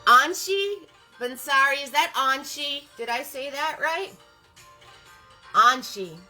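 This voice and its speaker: A woman's voice: high-pitched, slow pace, bright, forceful tone, soft background music, low-quality recording. A woman hosting a live-streamed painting class, upbeat and greeting viewers by name as they join.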